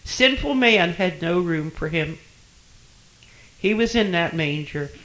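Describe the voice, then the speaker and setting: An older man preaching a sermon in a church, emphatic, with soft dropped asides and repeated phrases. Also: on the high side, animated, takes it slowly, poor audio.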